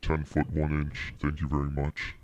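A man voicing a huge, ancient male ogre warlock who is gruff, touchy and threatening, in an improvised comedy sketch. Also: a bass voice, completely flat delivery, normal speed, darkish tone, a little hiss or hum. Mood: menacing. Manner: gruff, threatening, easily offended.

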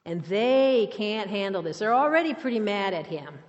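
A woman teaching a Bible lesson, emphatic and quick to put questions to her listeners. The recording is dull and muffled. A long hall reverb trails behind her voice. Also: mid-range voice, lively intonation.

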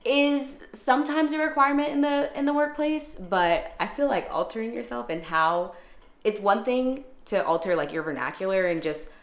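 A woman's voice: a little high, moderate pace. A young woman hosting a podcast in casual chat, talkative, with many fillers. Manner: chatty, laughs often, many fillers. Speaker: podcast host. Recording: roomy echo.

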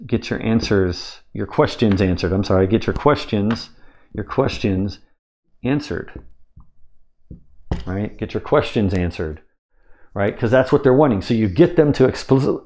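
A man's voice: fairly low pitch, moderate pace, mellow. A man coaching on sales technique in a casual teaching monologue, talking conversationally with frequent restarts and asides of "right?".

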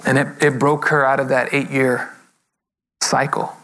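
A man preaching a sermon at a middle pitch. He tells a story and acts out each person's quoted lines. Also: little pitch movement, measured pace, pushed and bright, slight background noise. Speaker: pastor.

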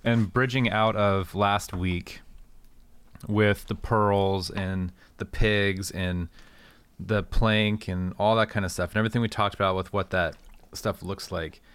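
A man with a low voice, recorded dry and close, who thinks out loud about scripture. He gropes for words with frequent fillers, in a thoughtful, searching way. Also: steady tone, a little slow, clear, resonant tone, no room sound. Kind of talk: conversational Bible discussion.

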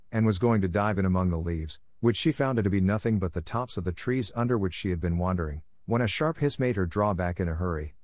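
A man narrating a classic storybook with clear, even storytelling. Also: lowish voice, no room sound, clean studio sound. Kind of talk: storybook reading for language learners.

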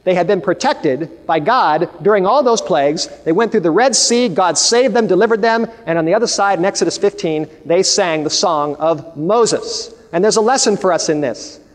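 Man, sermon, high-pitched, emphatic, long hall reverb. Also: animated, fairly quick, hardly any pauses. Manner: storytelling, emphatic and declamatory. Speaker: preacher.

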